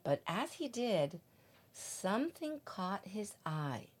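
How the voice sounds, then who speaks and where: Older woman from Mexico, guest storybook reader; gentle, very slow read-aloud. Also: medium pitch, very animated, husky. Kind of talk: reading a picture book aloud.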